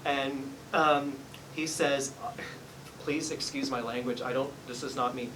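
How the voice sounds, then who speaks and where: A man's voice: mid-range voice, fairly even intonation, unhurried, recorded from a distance, noisy background. A man working as a psychic medium, giving a live reading in a salon and politely apologizing as he relays messages. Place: hair salon, indoors.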